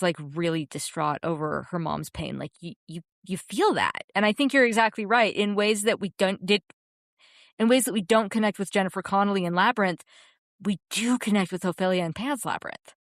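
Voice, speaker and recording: A woman's voice: mid-range voice, normal speed, no echo, studio quality. A woman co-hosting a podcast, talking enthusiastically and earnestly about a film she loves, often restarting her sentences. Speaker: podcast co-host. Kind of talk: casual film discussion.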